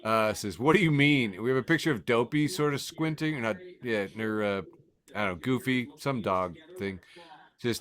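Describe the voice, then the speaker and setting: A man's voice: mid-range voice, moderate pace, fairly bright tone. A man co-hosting a podcast in casual chat, describing memes and laughing often as he reads captions aloud. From Illinois. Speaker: podcast co-host.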